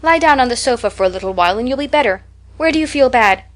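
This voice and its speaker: A woman's voice: on the high side, expressive, fast talker, pitched above the performer's own voice, lightly acted. A woman voicing a talkative, imaginative young orphan girl who tells stories in a breathless, dramatic way. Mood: pleading.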